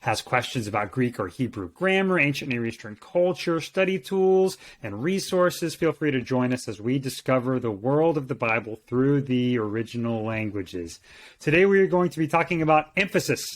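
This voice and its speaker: A man's voice: medium pitch, expressive, moderate pace. A man hosting a Bible language lesson, introducing the topic in an upbeat, joking presenter manner. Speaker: co-host, Greek teacher.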